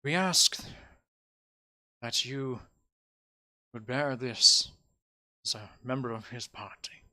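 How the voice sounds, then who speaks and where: A man's voice: slow, pushed and bright. A man voicing a pompous male town mayor who makes grand, formal speeches. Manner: booming, formal, stumbling over grand words.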